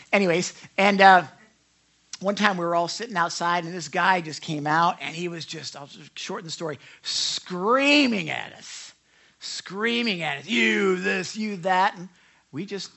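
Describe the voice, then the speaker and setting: A pastor preaches in a loose, conversational way, checking in with his listeners as he goes. His voice swoops lively up and down with a bright, forceful edge, and his delivery is fervent and earnest. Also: fairly high pitch, creaky. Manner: animated, talks straight to listeners with frequent "right?" asides. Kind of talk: conversational sermon.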